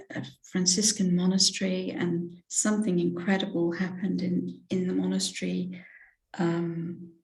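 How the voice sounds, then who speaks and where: A woman in her sixties with an English accent, a reverend recounting a spiritual experience as an interview guest, hesitant and heartfelt, with many pauses and restarts. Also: medium pitch, a little mellow. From England. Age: 60s. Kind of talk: personal spiritual testimony in an interview. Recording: roomy echo.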